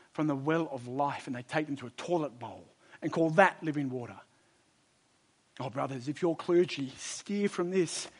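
A fairly high-pitched man delivers a sermon with real conviction. He drives his points home hard, then drops low and intense, and slips easily into casual, chatty storytelling between passages. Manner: emphatic, swings from loud exhortation to low intensity; conversational storytelling asides. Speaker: preacher.

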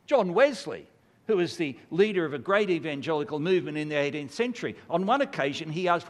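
A man's voice: a little high, lively intonation, fairly quick. An older man preaching a sermon, earnest and building to emphatic rhetorical questions. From Australia. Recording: long hall reverb.

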